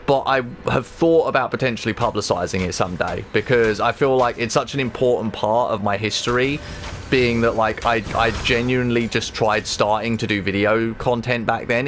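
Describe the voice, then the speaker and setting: A man's voice: medium pitch, moderate pace, a bit bright, a little hiss or hum. Rambling man chatting on a stream. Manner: rambling, many restarts and "right?" tags. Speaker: livestream host. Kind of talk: casual chat on a game stream.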